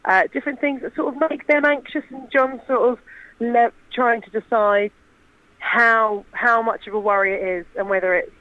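A woman's voice: a little high, fairly even intonation, no room sound, phone-quality sound. A woman from Portsmouth, a comedian guest, chatting casually with dry, playful jokes. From Portsmouth, England. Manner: dry, playful, quick to joke. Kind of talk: casual chat.

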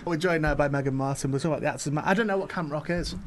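A man hosting a radio studio chat, teasing his guest in a playful, deadpan way. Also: on the high side, racing, over a noisy crowd. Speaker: radio host.

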